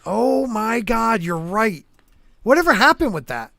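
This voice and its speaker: Podcast host, high voice, lively, close dry mic. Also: male voice, measured pace, creaky, no echo. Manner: animated, joking. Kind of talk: casual podcast chat.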